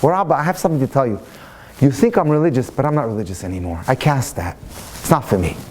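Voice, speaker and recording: A man's voice: medium pitch, expressive, fast talker, a little hiss or hum, close to an everyday voice. A man voicing a defiant young woman quitting her faith.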